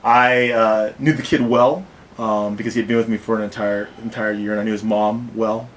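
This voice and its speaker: Soft-spoken man telling his story haltingly. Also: lowish voice, fairly even intonation, poor audio. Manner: halting, many fillers and restarts. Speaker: teacher recounting an incident. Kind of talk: personal account to camera.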